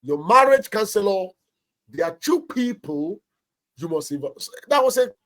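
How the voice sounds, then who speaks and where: High-voiced Nigerian pastor giving emphatic advice. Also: male voice, big pitch swings, normal speed, fairly bright tone. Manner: emphatic, preacherly, acts out little anecdotes. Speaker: pastor and marriage counselor. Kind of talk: marriage advice on a talk show.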